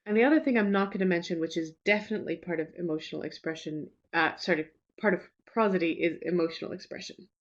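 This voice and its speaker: A woman teacher trainer giving a webinar presentation, relaxed and reassuring, with frequent fillers and restarts. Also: on the low side, quick pace, few pauses. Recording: slightly dull lo-fi webinar audio.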